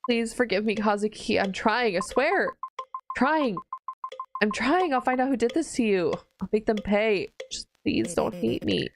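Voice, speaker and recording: A woman's voice: expressive, normal speed, over music. A woman reading a desperate guilt-ridden young woman. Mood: pleading. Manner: pleading, pitched above her own voice.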